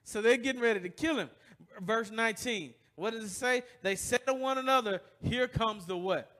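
A male pastor preaches in a church with a high, bright, ringing voice. He is animated and playful, and keeps tossing call-and-response questions to the congregation. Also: brisk. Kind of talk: sermon.

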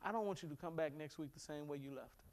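Lively, high-pitched preaching man. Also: fast talker. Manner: animated preaching with humor and rising emphasis. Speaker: pastor. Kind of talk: sermon. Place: church sanctuary.

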